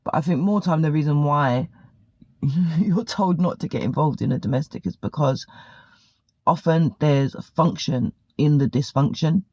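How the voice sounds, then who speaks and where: A woman's voice: deep voice, moderate pace, a little mellow, husky, no echo. Lady in her 40s, candid and sweary vlog chat, dry close sound. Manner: candid, profane, chatty with fillers. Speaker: vlogger. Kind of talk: casual storytelling monologue.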